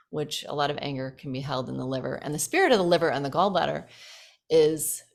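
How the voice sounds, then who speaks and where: A woman hosting a casual health chat, explaining tips in a steady instructive way. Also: low-pitched. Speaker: host.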